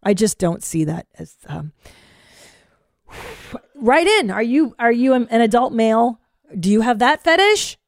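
A woman in her forties hosting a podcast, chatting casually and telling stories in a profane, self-mocking, animated way. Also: a little high, a little slow, long pauses, no room sound, studio quality. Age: 40s. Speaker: podcast host. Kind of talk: casual solo chat.

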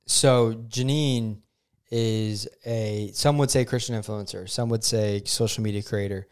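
A man, a pastor co-hosting a podcast, talking thoughtfully in casual chat and pausing to find his words. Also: fairly low pitch, steady tone, clean tone. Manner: thoughtful, searches for words with ums.

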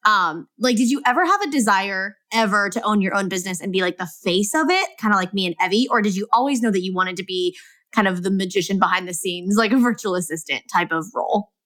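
A woman's voice: medium pitch, fast talker, fairly bright tone. A woman co-hosting a podcast, asking long, rambling questions full of fillers. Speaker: podcast co-host. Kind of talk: casual podcast chat.

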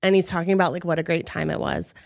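A woman's voice: on the low side, fast talker, vocal fry, dry recording. Gushing woman co-host, dry close sound. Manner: gushing, upbeat reactions. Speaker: podcast co-host. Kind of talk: casual chat.

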